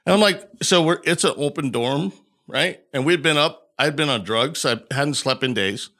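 Gravelly, bright-voiced man telling his story. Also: a little high, moderate pace. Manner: animated storyteller acting out quoted dialogue. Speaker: podcast guest. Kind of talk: storytelling in an interview.

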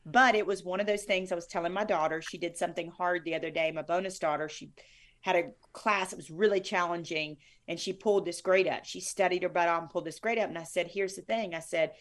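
A middle-aged woman talking as a guest in an interview, bubbly and over the top. Her voice sits a little low, and her stories come out in an effusive, animated rush. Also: fast. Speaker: guest, former sportscaster. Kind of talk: conversational interview.

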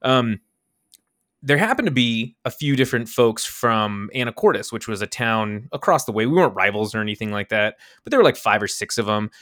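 A young podcast co-host casually tells a story at a fairly quick pace, animatedly acting out quotes with big pitch jumps. The recording is dry, with clean studio sound.

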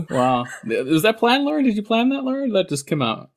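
A man's voice: extremely high pitch, wildly swooping pitch, a little slow. A man hosting a podcast in casual chat, rambling with lots of fillers and frequent laughs. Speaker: podcast host.

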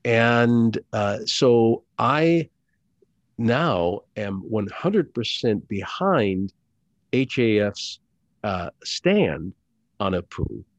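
A middle-aged man, an actor and audiobook narrator, speaking as an interview guest in a deliberate, hesitant way with many fillers and restarts. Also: on the low side, sing-song, dry recording. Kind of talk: conversational interview. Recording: dull lo-fi dry sound.

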